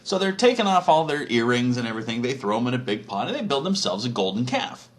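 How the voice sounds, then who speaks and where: A man's voice: mid-range voice, sing-song, fast, faint music behind. A man telling a crude, profane comedic story in a rambling, casual way.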